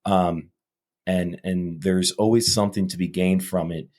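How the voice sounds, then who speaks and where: A man with a very low, deep voice talks in a casual podcast interview. He rambles earnestly, doubling back on his words as he tells his story. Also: steady tone, measured pace, darkish tone. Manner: rambling and earnest, repeats words, acts out quoted talk. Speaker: podcast guest, gym owner.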